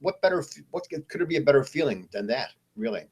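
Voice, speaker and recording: Guy hosting a podcast, kinda husky, excited, trips over his words. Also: fairly high pitch, fast talker. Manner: enthusiastic, stumbling restarts. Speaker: podcast host. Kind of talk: interviewer reacting and asking questions.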